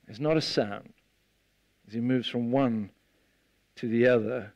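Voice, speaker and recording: A man preaching a sermon, retelling a scene with lively storytelling and acting out the voices of the people in it. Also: mid-range voice, measured pace, no room sound. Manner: animated storytelling, acts out the disciples' voices.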